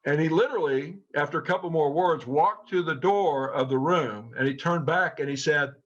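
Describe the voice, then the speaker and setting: A middle-aged trainer and co-founder tells a group an earnest personal story at normal speed, rarely pausing, his voice on the high side. He renders other people's words in lively tones, and the recording sounds dull and lo-fi.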